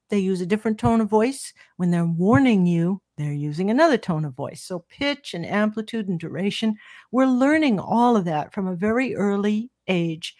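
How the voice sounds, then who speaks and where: An older woman speaks as an interview guest and lays out her ideas in a measured, teacherly way. Her voice sits at a middling pitch. The sound is close and dry, with no room echo. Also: a little mellow. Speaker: guest, professor of psychoacoustics. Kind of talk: explanatory interview talk.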